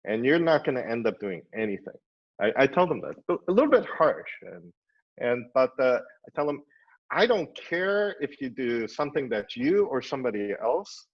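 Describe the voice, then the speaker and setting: A middle-aged man, an architect and teacher, thinking aloud in a panel discussion, full of "uh"s and "you know"s. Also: mid-range voice. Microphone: video call. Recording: dull lo-fi online call audio.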